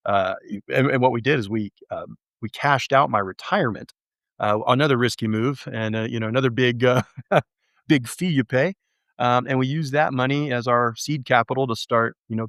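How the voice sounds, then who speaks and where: A man telling his story as an interview guest, halting and restarting often, with lively acted-out quotes. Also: medium pitch, dry recording, clean studio sound. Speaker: real estate investor guest.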